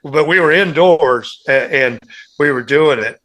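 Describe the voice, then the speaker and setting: A man's voice: fairly high pitch, unhurried, a bit bright. A man on a casual podcast, telling long, rambling band anecdotes as a guest musician and acting out what others said.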